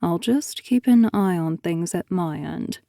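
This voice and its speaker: Lady reading as a smooth controlling guy teacher, quiet coaxing voice, mellow, dry sound. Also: fairly low pitch, unhurried, no room sound. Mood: reassuring. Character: manipulative male school teacher, calm, controlling.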